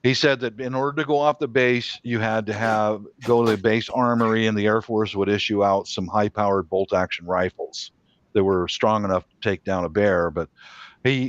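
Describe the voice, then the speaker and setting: A middle-aged man with a fairly low voice tells a rambling story in a casual chat, chuckling and restarting his sentences. The sound is dry and dull, like a lo-fi recording. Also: no room sound.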